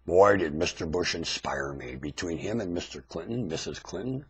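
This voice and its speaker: A man delivering a ranting webcam monologue into a webcam mic, swinging from low muttering to sudden shouted outbursts in a husky voice. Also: lively intonation, normal speed, few pauses.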